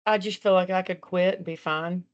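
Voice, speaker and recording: A woman's voice: on the low side, fairly even intonation, moderate pace, smooth, muffled recording. A woman country singer from Texas, telling stories casually in an interview and acting out conversations, talking over a video call while she walks around her house. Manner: chatty, laughing, swears, acts out dialogue. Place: at home, walking around the house. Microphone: video call from a laptop.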